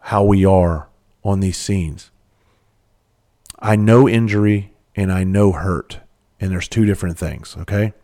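A man's voice: sits low, a little mellow. A man, a father and former first responder, telling a personal story candidly and bluntly, with profanity and frequent restarts.

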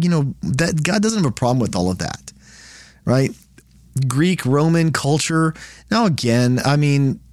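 A man teaches scripture in a loose, conversational way, often asking "right?" and restarting his sentences. His voice sits at a middle pitch. The sound is dry and close, with no room echo. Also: a little mellow. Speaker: Bible study teacher. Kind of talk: casual Bible teaching.

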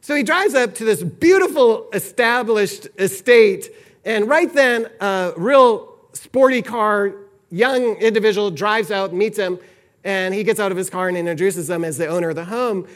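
A man's voice: sits high, normal speed. A man preaching, telling a long story and acting out the lines of the people in it. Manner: animated, acts out quoted dialogue. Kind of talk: sermon storytelling.

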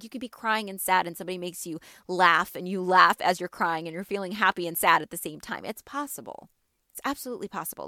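Gentle, chatty woman podcast host. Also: on the low side, no echo, studio quality. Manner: gentle, reassuring, rambling with fillers. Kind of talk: casual solo podcast talk.

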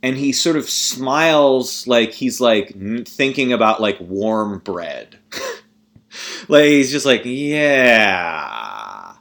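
A man's voice: mid-range voice, takes it slowly. A man ranting casually about a movie, rambling and profane, with sarcastic laughing asides. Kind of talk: casual comedic movie rant.

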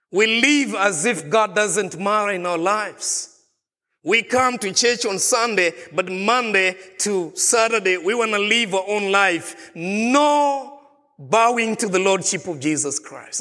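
A man's voice: high-pitched, pushed and bright, in a large hall. A man preaching a sermon as a pastor, asking the congregation question after question. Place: church.

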